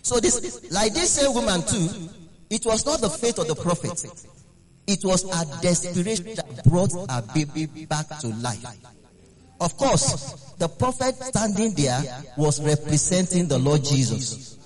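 Male preacher with a high voice. Delivers a slow, halting sermon, circling back on phrases. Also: sing-song, crowd noise. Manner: halting, repeats phrases for emphasis.

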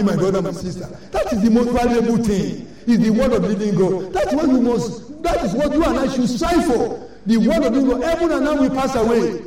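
A woman's voice: on the high side, dark tone. An older woman with a Nigerian accent, a church elder preaching a sermon in an emphatic, repetitive, scolding way. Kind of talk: sermon exhortation. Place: large church hall. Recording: echoey church hall from far off.

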